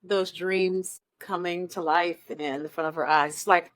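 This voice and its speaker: A woman's voice: fairly low pitch, steady tone, a little slow. A woman from Nebraska, a Broadway performer, telling stories in a chatty, enthusiastic way as an interview guest, with frequent ums. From Omaha, Nebraska, US. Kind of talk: casual interview chat.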